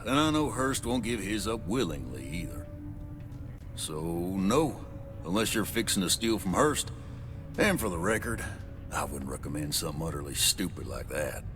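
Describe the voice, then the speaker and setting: An actor playing a blunt, scoffing bartender who has served drinks for decades. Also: male voice, low voice, sing-song, normal speed. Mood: gruff. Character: gruff veteran bartender, dismissive, middle-aged. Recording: game audio with music behind.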